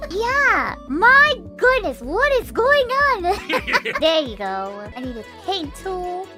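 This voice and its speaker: A woman streamer chatting playfully, giggling often and teasing, with a squeaky, childlike voice that drops Japanese tags into her sentences. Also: very animated, takes it slowly. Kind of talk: playful live-stream chat. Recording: loud music over the voice.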